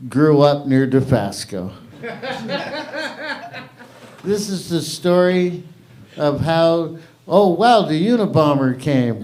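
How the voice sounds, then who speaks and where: A man's voice: a little high, darkish tone. A middle-aged man from Hamilton, Canada, hosting an open mic with brash, profane stand-up on a club stage. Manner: brash, profane, quick asides to the crowd. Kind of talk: stand-up comedy. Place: comedy club stage with audience.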